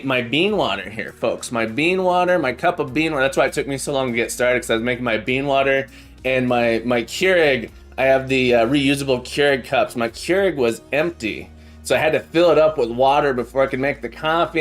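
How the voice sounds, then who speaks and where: A man hosting a livestream, chatting casually and cheerfully greeting viewers by name, sometimes drawing out names in a sing-song way. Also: fairly high pitch. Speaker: livestream host. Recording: soft background music. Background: background music.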